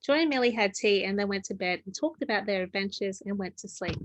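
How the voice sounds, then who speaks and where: A woman reading her own story aloud, with plain, unhurried narration and small slips she corrects. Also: mid-range voice, slight background noise.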